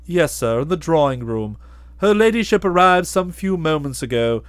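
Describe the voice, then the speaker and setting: A man voicing a deferential, unflappable valet who speaks in a measured, formal way. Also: on the high side, expressive, clean tone, no room sound, clean studio sound, close to an everyday voice. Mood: composed. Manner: measured and formal, trailing off softly on each "sir".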